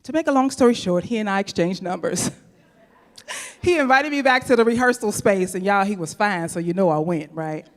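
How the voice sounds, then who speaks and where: Woman storyteller, mid-pitched, talks right to the crowd, long hall reverb. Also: expressive, brisk. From St. Louis, USA. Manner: chatty, addresses the audience directly. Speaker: storyteller, speaker. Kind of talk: live personal storytelling. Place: event venue stage.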